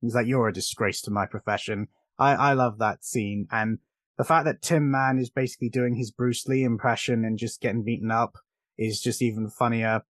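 A man from England in a casual film podcast, enthusiastic and quick to laugh. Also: medium pitch, steady tone, dry recording, studio quality. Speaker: podcast co-host.

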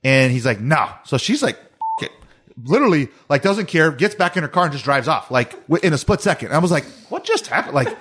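Animated man telling a story. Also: a little high, fast, slightly rough. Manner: animated storytelling, acting out quotes and siren sounds. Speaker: storyteller in group chat. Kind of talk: casual chat.

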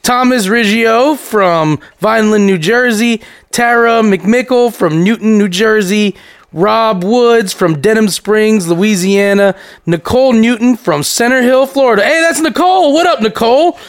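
A man with a notably high voice reads a list of listener names on a casual podcast, with quick joking asides. The sound is dry and close. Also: clean tone, no echo. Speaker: podcast co-host.

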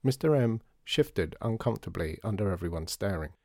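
A man narrating a children's storybook in a measured, expressive reading. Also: low voice, vocal fry, no room sound, clean studio sound.

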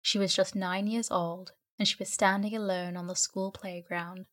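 A woman narrating a classic novel as a bedtime sleep story, in an even storytelling manner. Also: medium pitch, normal speed. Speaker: audiobook narrator.

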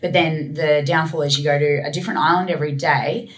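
Young woman, low voice, laid-back storyteller, lots of ums. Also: steady tone, fast talker. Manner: laid-back, frequent ums, laughs while telling stories. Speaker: guest ultramarathon runner. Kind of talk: casual interview storytelling.

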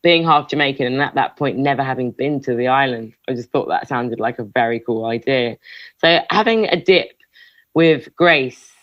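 A woman chatting casually as a guest, telling animated stories and laughing often. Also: very deep voice, moderate pace, dry recording, highs cut off. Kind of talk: casual chat.

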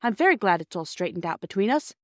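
A woman's voice: medium pitch, big pitch swings, quick pace, no echo, studio quality, natural voice. A woman reading an audiobook, voicing a proud, impatient older brother who talks in an offhand way.

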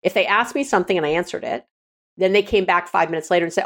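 A woman's voice: mid-range voice, animated, fast. A middle-aged woman hosting a podcast, giving frank, casual relationship advice with many restarts and repeated words. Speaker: podcast host and counselor.

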